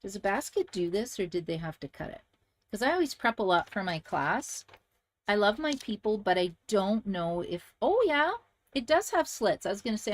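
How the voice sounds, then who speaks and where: A woman hosting a crafting channel, chatting casually and enthusiastically to viewers as she shows handmade card samples. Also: mid-range voice.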